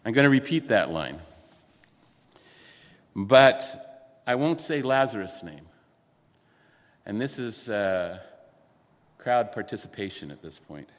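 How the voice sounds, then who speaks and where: A man's voice: fairly low pitch, expressive, slow pace, long pauses. A man preaching a sermon in a church, speaking conversationally and putting questions to the congregation. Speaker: pastor. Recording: dull lo-fi recording with long hall reverb.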